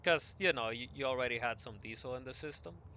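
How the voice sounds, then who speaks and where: A young adult man telling a long casual story while playing a game, animated, with many fillers and self-corrections. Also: mid-range voice, fairly quick, muffled recording, slight background noise. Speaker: gaming podcast host.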